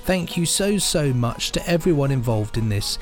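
A man's voice: medium pitch, expressive, normal speed, faint music behind. A man co-hosting a podcast, reading out listener reviews in an upbeat way. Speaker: podcast co-host. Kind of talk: casual podcast chat.

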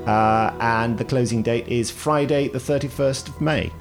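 A man's voice: medium pitch, moderate pace, over music. A man hosting a podcast in a jokey, rambling chat, laughing often, from Britain. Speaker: podcast host.

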